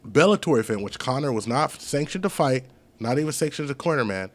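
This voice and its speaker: A man chatting as a podcast guest, telling stories in an animated, profane way. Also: mid-range voice, fast. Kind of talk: casual podcast chat.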